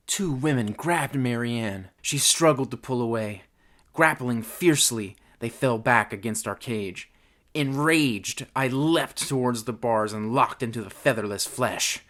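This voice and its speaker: A man's voice: on the low side, measured pace, a bit bright. A man narrating a comic audiobook in a mock-earnest, wry manner.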